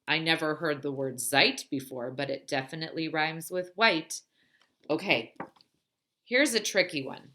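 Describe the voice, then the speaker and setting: Low-voiced, slow pre-K teacher. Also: female voice. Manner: gentle, encouraging, playful. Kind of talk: storytime and rhyming lesson for young children.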